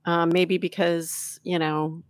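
A woman co-hosting a podcast in casual chat, unhurried and searching for words, laughing often. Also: fairly low pitch, little pitch movement, no room sound, studio quality. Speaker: podcast co-host.

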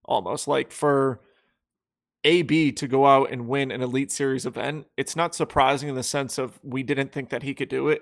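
A man co-hosting a casual podcast, explaining his points in a measured way with frequent "you know" and "like". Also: mid-range voice, gravelly. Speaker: podcast co-host. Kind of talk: casual chat.

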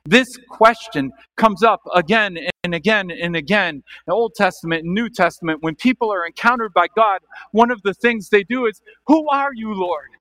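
A man delivering a sermon in a bright, ringing voice pitched a little high. He talks animatedly, posing questions straight to his listeners, then drops his voice to let them sink in. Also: moderate pace. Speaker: pastor.

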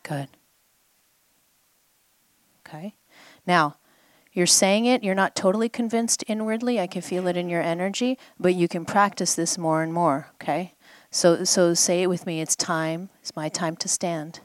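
Speaking in an unhurried, steady, fairly low voice, a healing coach leads a group exercise at a live event. Her short, repeated phrases are meant to be echoed back as she gently prompts her listener, all captured in a close, dry sound with little sense of room.

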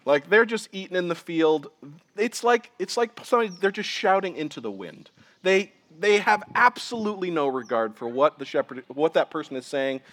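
A man in his thirties preaching a sermon as pastor, earnest, slowing down and dropping quiet for emphasis. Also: big pitch swings. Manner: earnest preaching, slows for emphasis, drops to quiet low lines.

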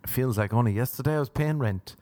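An Irish podcast host living in Los Angeles rambles through a crude comedic monologue, slipping into silly voices. His medium-pitched voice is mellow and fast, recorded with no room sound.

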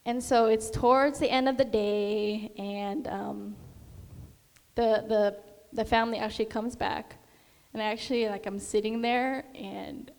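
A woman's voice: fairly high pitch, fairly even intonation, a little slow, gravelly, a little mellow. Young woman telling a faith story in a hall. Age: young adult. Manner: chatty, many fillers, sings and acts out quotes. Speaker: speaker sharing a testimony. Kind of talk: casual testimony talk. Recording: long hall reverb.

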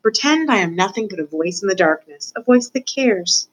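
A woman voicing a sly, smooth-talking male rat in a read-aloud storybook. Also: mid-range voice, lively intonation, moderate pace, natural voice, poor audio. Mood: coaxing.

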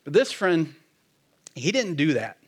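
A man's voice: sing-song, measured pace, slightly rough. A man telling a personal faith story in a casual, earnest way, often laughing and dropping his voice when quoting others. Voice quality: self-described hard-headed, plain-spoken. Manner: casual and earnest, laughs often, quotes himself and his friend in a lowered murmur. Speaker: speaker sharing a personal testimony. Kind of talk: storytelling testimony.

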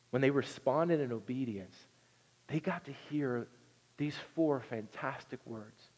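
Earnest preacher in a reverberant sanctuary. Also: male voice, medium pitch, a little slow. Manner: earnest storytelling, swings from loud to hushed. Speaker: pastor. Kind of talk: sermon. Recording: long reverb in a large hall.

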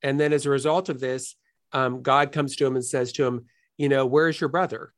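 A man as an interview guest, explaining philosophical ideas in an earnest, lively teaching manner and often checking in with "right?". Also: mid-range voice, fairly quick.

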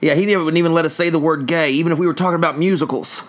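A man's voice: fairly high pitch, fairly even intonation, very fast, a little hiss or hum. A man co-hosting a casual sports podcast, rambling and joking with many restarts. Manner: rambling, jokey, frequent restarts. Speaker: podcast co-host.

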